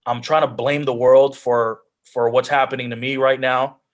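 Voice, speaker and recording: A man's voice: medium pitch, level tone, moderate pace. A young man in the middle of his vocal range tells his story over a video call. He speaks with earnest, heartfelt conviction, restarting sentences and filling gaps with "like" as he works through it. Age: young adult. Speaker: guest speaker, pro football player. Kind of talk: personal storytelling on a group call.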